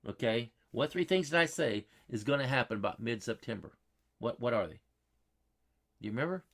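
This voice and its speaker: A man with a drawl talks through a live weather stream. He speaks at a middling pitch, folksy and repetitive, quizzing his viewers and circling back over his points. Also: lively intonation, a little fast, vocal fry. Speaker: weather livestream host.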